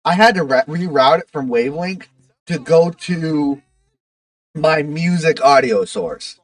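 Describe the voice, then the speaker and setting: A man's voice: fairly high pitch, unhurried, distant mic. A man chatting casually on his livestream, rambling to his chat with lots of fillers.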